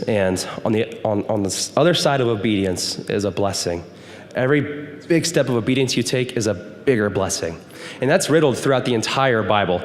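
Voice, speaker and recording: A young man giving an earnest, emphatic testimony sermon to a youth group as a guest speaker. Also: medium pitch. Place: church hall. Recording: hall reverb.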